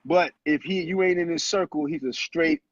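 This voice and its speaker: A man in his thirties, a former pro basketball player and guest, telling animated stories in casual talk and acting out quotes. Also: on the high side, moderate pace, dry recording. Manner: animated storyteller who acts out quotes. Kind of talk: casual storytelling interview. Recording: muffled lo-fi audio, husky.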